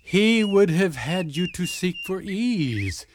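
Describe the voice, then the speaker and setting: A man's voice: high voice, big pitch swings, slow, a little hiss or hum, exaggerated voice. A man voicing a grave, kindly male gatekeeper who speaks solemnly in old-fashioned formal English in a radio drama.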